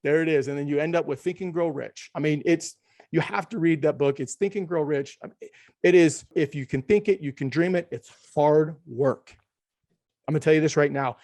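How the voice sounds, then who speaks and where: A middle-aged man, a podcast guest, talking in an emphatic, ranting way and dropping to a hushed tone when he quotes himself. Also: on the high side, moderate pace. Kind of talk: animated conversational storytelling.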